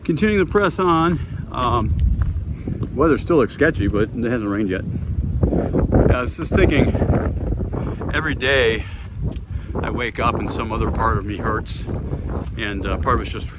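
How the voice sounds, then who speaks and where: A man's voice: medium pitch, expressive, measured pace, long pauses, very noisy. A man in his sixties vlogging casually outdoors on a hiking trail, talking in a plain, matter-of-fact way with frequent ums. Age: 60s. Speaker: thru-hiker vlogger.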